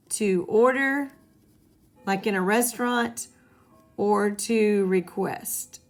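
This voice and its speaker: A woman teaching a Spanish grammar lesson to her students, patiently explaining and having them repeat rules back. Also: mid-range voice. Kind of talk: classroom lesson at a whiteboard.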